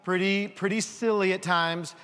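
A man giving a children's sermon, lively and full of questions for the kids. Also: high voice, moderate pace, smooth, big-room sound. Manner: animated, asks children questions.

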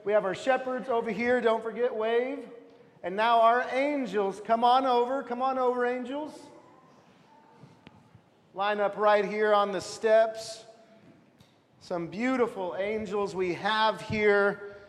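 A man's voice: high voice, slow pace, pauses often. A man leading a children's Christmas nativity in a church, upbeat and coaxing the kids with stage cues. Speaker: leader of a children's nativity play. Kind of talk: guiding a church Christmas pageant. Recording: long hall reverb.

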